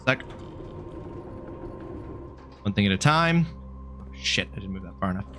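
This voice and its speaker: A man's voice: fairly low pitch, animated, measured pace, a bit bright, a little hiss or hum. A man commentating a video game live, chatting casually with his viewers, apologetic and swearing now and then. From Canada. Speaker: game streamer. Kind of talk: live let's-play commentary.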